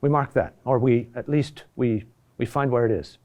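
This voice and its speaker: A man teaching a class on chant, slow and halting, often repeating key words and checking in with "huh?". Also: mid-range voice, a little mellow. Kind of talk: classroom lecture.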